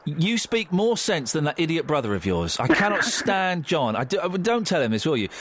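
A man hosting a radio phone-in, teasing callers, cutting in and firing quick questions. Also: fairly high pitch, big pitch swings, a bit bright.

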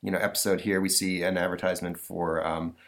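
A man's voice: low voice, fast talker. A man hosting a podcast, chatting casually and rambling with lots of fillers. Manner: rambling, filler-heavy, lively. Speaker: podcast host. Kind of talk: casual chat.

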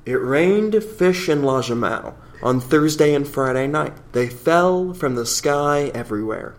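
A man rereading a quote in a mock posh English accent, slow and deadpan. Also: a little high. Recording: roomy echo.

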